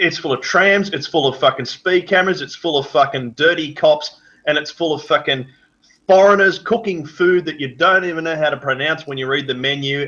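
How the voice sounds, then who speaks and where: A man's voice: a little high, sharp tone, highs cut off. A man with an Australian accent, ranting crudely and scornfully in casual group banter. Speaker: guest in a group voice chat.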